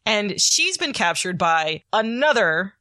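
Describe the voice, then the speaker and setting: Bright-voiced podcast co-host, rambling recap. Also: mid-range voice, very animated, slow pace, dry recording, studio quality. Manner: rambling, peppered with filler words and swearing. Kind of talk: casual plot recap.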